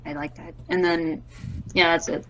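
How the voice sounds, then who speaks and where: A woman player describes her character in a loose, casual way, with plenty of fillers. Her voice sits fairly low. The audio is dull and lo-fi. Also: little pitch movement, normal speed, sharp tone. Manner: giggly, casual, filler-heavy. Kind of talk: casual chat.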